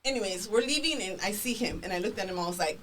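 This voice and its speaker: A woman co-hosting a podcast tells a story in casual chat, animated and swearing a lot as she acts out what people said. She talks fast at a medium pitch, and the recording has a little hiss or hum.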